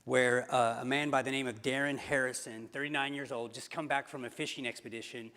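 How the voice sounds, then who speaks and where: A man's voice: mid-range voice, steady tone, a little fast, sharp tone. A man preaching a sermon as pastor, telling a story in a conversational way with fillers and restarts. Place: church sanctuary. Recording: long church hall reverb.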